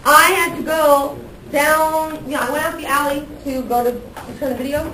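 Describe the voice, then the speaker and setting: A high-voiced young woman teacher talks to her class in a chatty, worked-up way, acting out how she reacted as the story goes on. She is recorded from across a noisy, echoey classroom. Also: steady tone, normal speed, bright, forceful tone, distant mic.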